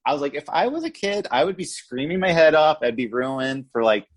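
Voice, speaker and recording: A man's voice: fairly high pitch, animated, fairly quick. A man co-hosting a movie podcast, talking in an easygoing, conversational way with restarts and filler words. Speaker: podcast co-host. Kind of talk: casual movie review chat.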